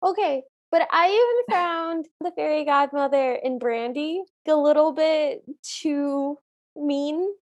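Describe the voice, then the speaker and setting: A woman's voice: high voice, slow pace, dull audio. A woman co-hosting a podcast in casual chat, earnest and openly opinionated about what she likes and dislikes. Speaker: podcast co-host.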